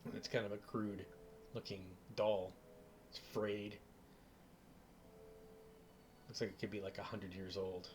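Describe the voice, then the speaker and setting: A man narrating as game master, describing the scene slowly with frequent restarts. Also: fairly low pitch, level tone, a little hiss or hum. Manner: slow, halting narration with restarts. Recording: with loud background music.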